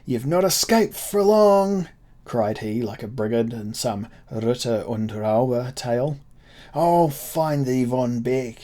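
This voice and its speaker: A man voicing a furious, wounded French officer shouting threats as he retreats in a storybook reading. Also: mid-range voice, expressive, slow pace. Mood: threatening. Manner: yelling, threatening.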